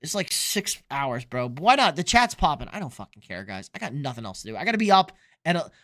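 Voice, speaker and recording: Young guy, sports streamer, sharp high voice, loose and profane, a few beers in. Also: sing-song, fast talker. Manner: loose, profane, reads chat questions aloud. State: drinking beer. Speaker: sports streamer answering chat. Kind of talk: casual live-stream chat.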